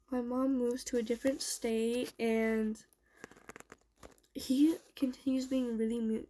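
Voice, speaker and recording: A woman's voice: a little high, mellow, a little hiss or hum, low-quality recording. A young woman who is a bit sick tells a personal story in a casual, rambling way, with many "like" and "um" fillers. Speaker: storytime vlogger.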